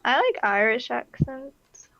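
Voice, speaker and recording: A woman's voice: fairly high pitch, sing-song, slow pace, vocal fry, fairly bright tone. A woman co-hosting a casual livestream chat and dropping dry, teasing quips. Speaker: co-host. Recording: dull lo-fi stream audio.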